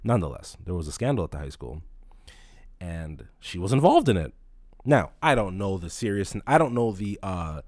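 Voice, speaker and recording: A man's voice: on the low side, a little mellow, no room sound. A man in his late twenties, a podcast host, telling a rambling, profane story in casual talk.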